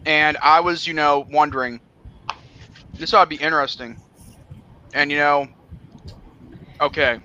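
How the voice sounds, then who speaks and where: An eager man on a podcast with a bright, forceful voice that sits fairly high. It comes through a dull, lo-fi recording. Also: fairly even intonation, a little slow, pauses often. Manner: eager, teasing build-up before showing something. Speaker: podcast co-host. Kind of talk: casual chat. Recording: dull lo-fi sound.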